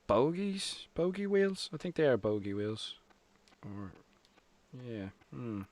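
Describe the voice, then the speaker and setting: A man's voice: mid-range voice, sing-song, slow, darkish tone, slight background noise. An Irish man hosting a casual hobby livestream, bantering, swearing and reading out chat comments. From Ireland. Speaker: host.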